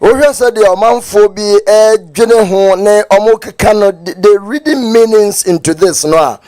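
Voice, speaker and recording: A man with a Ghanaian accent hosts a morning talk show in a fairly high voice. His delivery is lilting and sing-song, and the sound is dry and close. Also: a little slow, darkish tone, no echo. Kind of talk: casual talk show commentary.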